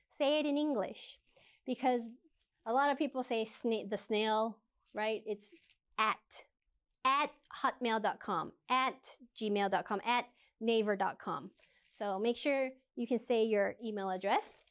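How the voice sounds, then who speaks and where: A woman teaching an English lesson, saying each practice phrase slowly and clearly and repeating it twice. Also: fairly high pitch.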